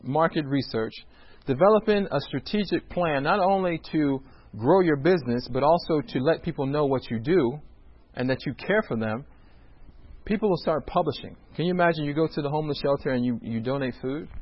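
A man who runs a restaurant tells faith stories, quotes scripture and acts out the dialogue in an animated way. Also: fairly high pitch, fairly quick. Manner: animated storyteller acting out dialogue. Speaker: restaurant owner sharing a faith testimony. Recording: dull lo-fi recording.

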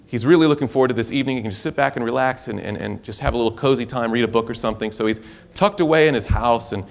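A man preaching a sermon, telling a story in an animated, conversational way that is full of restarts. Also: mid-range voice, racing, creaky.

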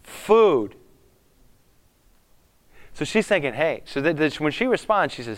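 Man, pastor, conversational sermon, questions to the congregation, animated, slightly high voice, smooth tone. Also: measured pace, pauses often.

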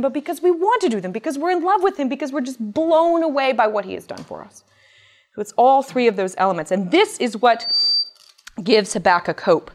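A woman with a slightly high voice gives an earnest Bible teaching. Her delivery is expressive, rising with emphasis, and she reads scripture aloud in a measured tone. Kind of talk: sermon-style Bible teaching.

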